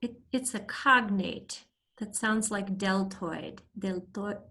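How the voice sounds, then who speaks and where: A woman's voice: mid-range voice, takes it slowly, creaky, pushed and bright. A woman in an online class, answering questions and repeating words, thinking aloud as she goes. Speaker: student.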